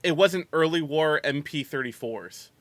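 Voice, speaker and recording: Man, podcast co-host, excitable and foul-mouthed, dry close recording. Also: fairly high pitch, unhurried, dry recording. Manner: enthusiastic, crude jabs. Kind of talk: casual profane movie chat.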